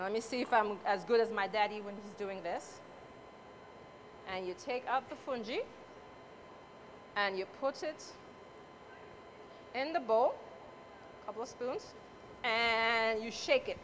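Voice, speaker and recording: A woman with a high voice talks her way through a live cooking demonstration, playful and motherly as she chats with the audience and judges. She is picked up by a mic at some distance, with faint noise behind her. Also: fairly bright tone. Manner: chatty, motherly, playful asides. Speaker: cooking competitor. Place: cooking competition event space.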